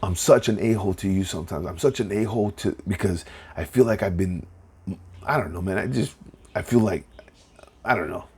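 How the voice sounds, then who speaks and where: A man in his thirties talks alone into his podcast mic, earnest and emotional, stumbling over repeated words. His voice is gravelly, dark and a little husky, and it is close to breaking. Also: on the low side, fairly quick. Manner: earnest, repeats words when starting sentences. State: emotional, near tears. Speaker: podcast host. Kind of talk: heartfelt solo podcast rambling.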